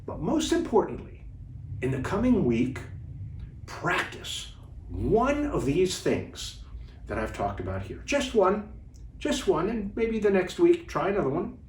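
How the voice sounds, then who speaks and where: Animated man teaching in an echoey room. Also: sits high, slight background noise. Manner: animated, deliberate, coaching. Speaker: communication trainer. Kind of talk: instructional video talk. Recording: echoey room, distant mic.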